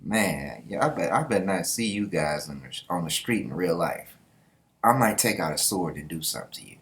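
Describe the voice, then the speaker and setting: A man's voice: low voice, very animated, moderate pace, fairly bright tone. A man hosting a casual manga reaction, talking in a loose, slangy way with laughing asides.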